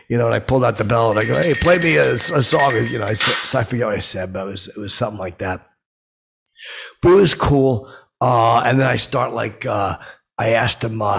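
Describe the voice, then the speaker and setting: A man playing a clueless, brash comic who rambles through stories with loud outbursts when he quotes himself. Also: medium pitch. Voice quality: gravelly, husky voice. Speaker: comedy podcast host in character. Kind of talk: rambling comic storytelling monologue.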